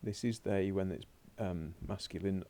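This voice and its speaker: Man, deep voice, mellow tone, French teacher, remote lesson, chatty, talks himself through slides on a laptop. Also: moderate pace. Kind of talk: recorded remote lesson with screen commentary. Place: home or classroom desk at a laptop.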